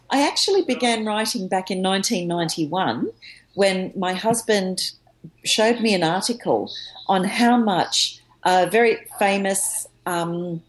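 A woman novelist answering interview questions in a relaxed way, with some fillers. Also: medium pitch. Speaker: novelist guest.

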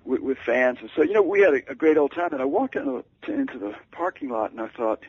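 A man's voice: mid-range voice, very animated, quick pace, gravelly, breathy edge, dry recording. A man, an author and radio guest, telling a story with lots of stammering, restarts and fillers. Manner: stammering and rambling with many fillers. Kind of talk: anecdotal storytelling. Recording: dull lo-fi radio sound.

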